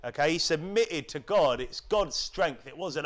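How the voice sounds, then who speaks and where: Preacher from the UK, man with a high voice, forceful sermon, mocks complainers in whiny put-on voices. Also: animated, normal speed, hardly any pauses. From United Kingdom. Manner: rhetorical, keeps asking tag questions; mimics whining voices to mock them.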